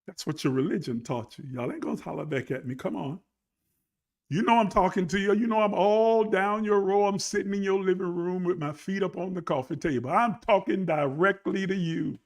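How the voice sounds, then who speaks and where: A man's voice: high voice, a little fast. A male preacher delivering an emphatic sermon, calling out to his listeners with rhetorical questions.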